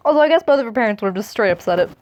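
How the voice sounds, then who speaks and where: A woman with a high-pitched voice reads fan memes aloud, cutting in with sarcastic asides. She laughs often and swears freely. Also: expressive, very fast, highs cut off.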